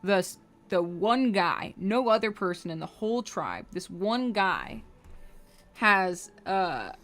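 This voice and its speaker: A woman's voice: medium pitch, sing-song, slow pace, a bit bright, soft background music. A young adult woman streaming live while she draws, rambling casually to her chat and humming between remarks.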